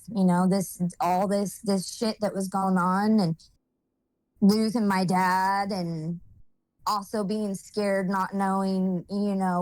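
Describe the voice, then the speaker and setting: A young adult woman telling her own life story in a casual monologue, halting and searching for words, emotional and holding back tears. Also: medium pitch, a little mellow, no echo, rough recording. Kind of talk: personal testimony, casual monologue.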